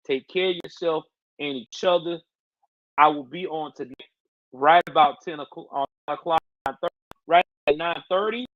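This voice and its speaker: A man's voice: on the high side, normal speed, fairly bright tone, no echo, lo-fi sound. A man hosting a casual livestream, talking in loose slang and answering his viewers' chat. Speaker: livestream host.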